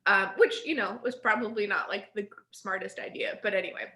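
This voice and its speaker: A woman in her thirties telling stories in a rambling, animated casual chat, laughing often. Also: medium pitch, a little fast. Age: 30s. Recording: echoey room.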